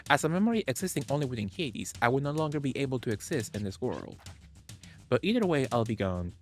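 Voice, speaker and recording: A man gives voice to a loving, fading father figure from a video game scene. He reads earnestly at a mid pitch and trips over a word now and then. Faint game music plays underneath. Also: very animated, close to an everyday voice. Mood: solemn. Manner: earnest, slow reading with occasional stumbles. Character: dying ghostly father, middle-aged man, solemn and loving.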